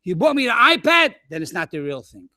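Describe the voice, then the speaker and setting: A man, a rabbi, telling an animated story to schoolchildren over a webinar. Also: high voice, a little fast, no echo, clean studio sound. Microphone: webinar microphone.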